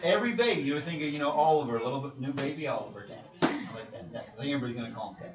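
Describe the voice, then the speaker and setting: A man's voice: medium pitch, animated, very fast, very noisy. A man preaching in a conversational Bible class, asking the group questions and laughing often. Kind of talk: interactive Bible class teaching. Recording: roomy, distant, muffled room recording.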